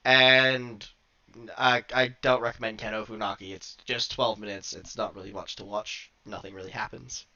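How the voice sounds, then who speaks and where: A man's voice: fairly low pitch, level tone, moderate pace, pushed and bright. A man co-hosting a podcast, rambling through a wrestling review in casual chat, laughing often, swearing and getting worked up. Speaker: podcast co-host. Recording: dull lo-fi sound.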